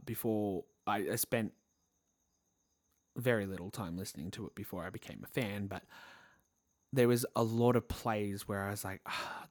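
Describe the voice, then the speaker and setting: A young man who is a theatre fan, casually recounting a story to his viewers with enthusiastic, excitable delivery. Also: fairly low pitch, no room sound, studio quality. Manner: enthusiastic, excitable, laughs often. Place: lives in Sydney.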